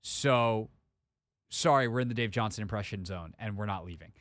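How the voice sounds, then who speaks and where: A sports radio talk show host with a lowish voice chats casually at normal speed, lively and jokey, trying out impressions and kidding around about them. He's in a radio studio on a studio microphone, and the recording is dry.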